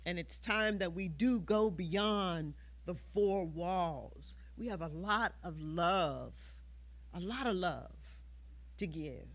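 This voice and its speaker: A woman minister speaking at a church service. She talks with many fillers and pauses. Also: lowish voice. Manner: slow, warm-hearted, with many fillers. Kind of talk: church announcements.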